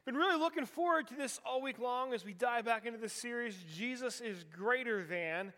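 High-voiced pastor in a reverberant church. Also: male voice, normal speed, sharp tone. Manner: candid, storytelling, self-deprecating humor. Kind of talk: sermon. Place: church sanctuary. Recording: long hall reverb in a church.

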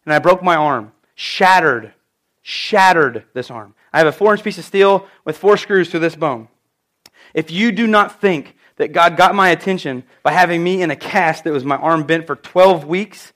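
Male preacher, light high voice, emphatic storytelling sermon. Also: normal speed, a bit bright.

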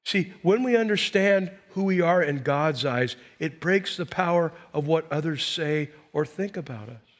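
A man in his sixties preaching as a pastor, swinging from loud emphasis to hushed quiet. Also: on the high side, expressive, measured pace. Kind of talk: sermon.

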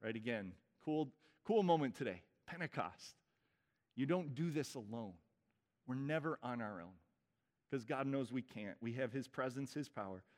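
A man's voice: medium pitch, expressive, normal speed. Man, pastor, baptism liturgy, formal vows with casual asides, reverberant church sound. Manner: warm, informal asides between formal liturgy. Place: church sanctuary.

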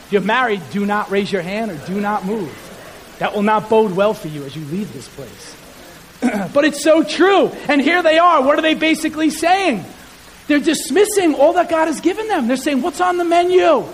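A male pastor preaching a sermon in a church, lively and conversational with self-deprecating humor. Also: extremely high pitch, moderate pace. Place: church sanctuary. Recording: hall reverb with faint hiss.

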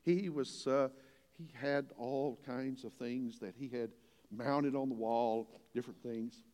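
A man's voice: medium pitch, steady tone, slow, a little mellow. An older man preaching a sermon as a pastor, folksy and earnest, building to emphatic points. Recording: long hall reverb.

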